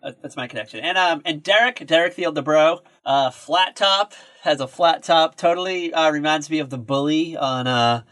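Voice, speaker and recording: Joking, foul-mouthed man with a fairly high voice. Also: normal speed, few pauses, fairly bright tone. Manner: rambling, profane, joking. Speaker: podcast co-host. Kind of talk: casual chat.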